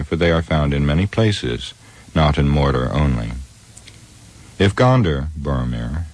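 A grave male ranger speaks slowly and solemnly, his voice extremely deep and steady. A man reads him in an audiobook. The delivery is measured, with weight on every phrase. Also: dry recording. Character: weathered grave male ranger, heir of kings. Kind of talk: audiobook character reading.

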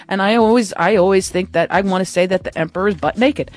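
A woman hosting a live radio fund drive, making an enthusiastic, chatty pledge pitch on a studio microphone. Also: fast talker, few pauses, a little mellow. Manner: enthusiastic, chatty, laughs often.

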